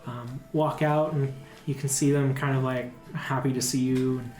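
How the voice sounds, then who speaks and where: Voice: medium pitch, fairly even intonation, normal speed, darkish tone, soft background music. Rambling, hesitant dungeon master in an echoey room. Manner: rambling, many fillers and restarts. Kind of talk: narrating a tabletop game.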